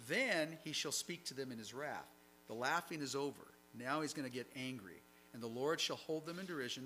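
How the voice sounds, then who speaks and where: A man's voice: medium pitch, pushed and bright, slight background noise, low-quality recording. A man preaching a sermon, reading scripture aloud and explaining it in a conversational way. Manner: reads passages aloud then comments conversationally.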